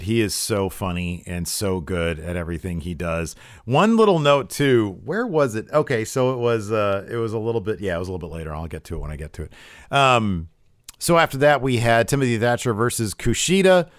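A man co-hosting a casual chat, recapping events and retelling scenes in lively quoted voices. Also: fairly low pitch, fairly quick, dry recording, studio quality. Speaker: podcast co-host recapping wrestling.

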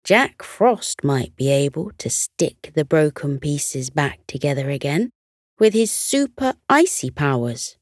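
A woman's voice: low-pitched, sing-song, a little slow, no echo, exaggerated voice. A woman voicing a matter-of-fact Christmas elf in a bedtime story, in a voice close to her own.

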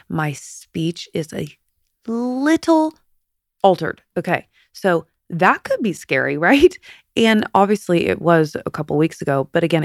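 A woman in her fifties hosting a podcast, chatty and confiding, with a slight lisp on her S sounds and soft whispered asides. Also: on the low side, no room sound, clean studio sound. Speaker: podcast host. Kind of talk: candid personal monologue.

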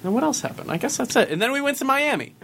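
A man co-hosting a podcast in casual chat, animated and jokey, jumping in with quick quips. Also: extremely high pitch, creaky, slight background noise. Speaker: podcast co-host.

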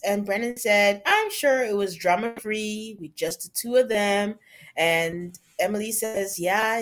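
On a podcast she co-hosts, a woman with a mid-range, slightly bright voice chats animatedly through a reality show recap. She's casual and talkative, mimicking cast members in playful voices when she quotes them.

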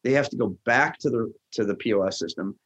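A middle-aged man in a casual chat, telling a story with lively energy and acting out the lines of the people he quotes. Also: on the low side, quick pace, lo-fi sound. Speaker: guest, restaurant founder.

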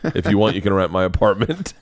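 A man's voice: low voice, very animated, brisk, no room sound, clean studio sound. A man hosting a podcast, telling a rambling story in casual chat, swearing and laughing often. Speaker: podcast host and comedian.

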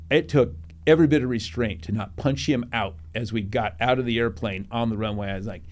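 An older man, a retired Navy captain, telling stories in a podcast interview, acting out quotes and laughing often. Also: medium pitch. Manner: animated storyteller, acts out quotes, laughs often.

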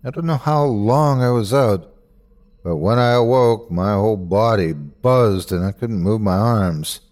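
Slow, expressive male horror narrator. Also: fairly low pitch. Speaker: host and narrator. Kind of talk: dramatic horror story narration.

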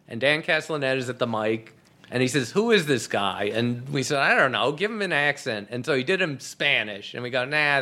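A man's voice: medium pitch, fairly bright tone. A man guest in an interview, telling anecdotes and acting out quoted dialogue, laughing often. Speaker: guest, TV comedy writer. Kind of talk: casual storytelling in an interview. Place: apartment.

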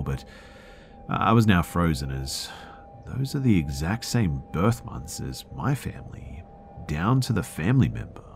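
Guy with a super deep low voice reading spooky listener stories, dramatic, hushed asides. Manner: dramatic, drops to a whisper for asides. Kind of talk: scripted horror story narration.

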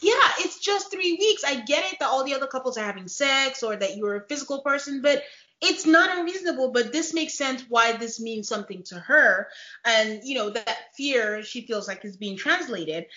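A woman hosting a casual recap chat, animated and laughing often as she retells scenes. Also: high-pitched, moderate pace. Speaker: podcast host. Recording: dull lo-fi echoey room.

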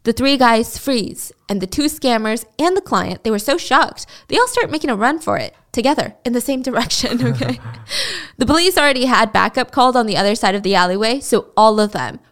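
A woman's voice: on the high side, animated, fairly quick, a bit bright. A woman podcast host telling a story in a chatty, casual way. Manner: chatty, laughs while telling.

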